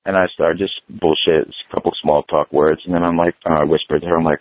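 A man's voice: low-pitched, quick pace, hardly any pauses, no room sound. A middle-aged man and punk musician, casually telling a profane story and acting out the dialogue. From New York. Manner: profane, animated storyteller who acts out dialogue. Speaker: guest, hardcore punk musician. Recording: phone-like dry remote audio.

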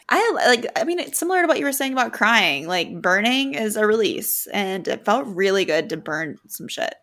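Chatty young woman, middle-pitched voice. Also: big pitch swings, normal speed, a bit bright. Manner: chatty, reflective, many fillers. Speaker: podcast co-host. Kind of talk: casual chat.

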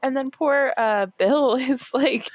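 A woman's voice: high-pitched, takes it slowly, no room sound. A woman chatting casually as a podcast co-host, enthusiastic and laughing along. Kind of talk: casual chat.

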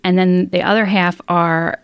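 A woman's voice: fairly low pitch, level tone, a little slow, clean tone, no room sound. A middle-aged woman author talking candidly in a casual interview, rambling with frequent restarts. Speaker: author guest.

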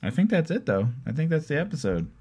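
A podcast co-host in a relaxed, rambling chat, with fillers and casual swearing. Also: medium pitch, fast, husky. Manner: laid-back, rambling, with fillers and mild swearing.

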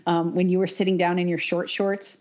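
A woman co-hosts a casual podcast, speaking in a somewhat low voice. She is an animated, opinionated running coach who laughs often. The audio is dull and lo-fi. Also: a little fast.

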